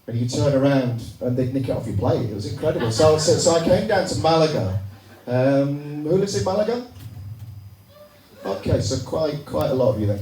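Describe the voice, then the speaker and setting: A man's voice: mid-range voice, dark tone. A man with a Yorkshire accent doing a stand-up comedy set, chatting with the crowd and tossing out sardonic asides. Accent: Northern English, Yorkshire. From England. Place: comedy club stage. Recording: echoey room, recorded from far off, noisy. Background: audience laughter.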